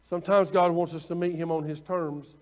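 A man preaching a sermon, impassioned and repetitive at times, then dropping into quiet asides. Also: fairly high pitch, fairly even intonation, brisk. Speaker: pastor.

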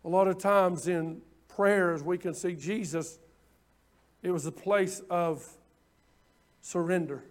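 A man preaching a sermon, impassioned and repetitive at times, then dropping into quiet asides. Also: high-pitched, takes it slowly, pauses often. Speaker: pastor.

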